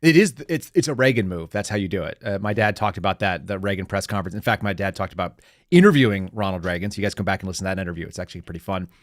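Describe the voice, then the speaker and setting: A man's voice: low voice, very fast, no echo, studio quality. A middle-aged man hosting a podcast, chatting casually and with strong opinions, joking and slipping into brief mocking voices. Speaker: podcast host. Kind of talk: casual political commentary.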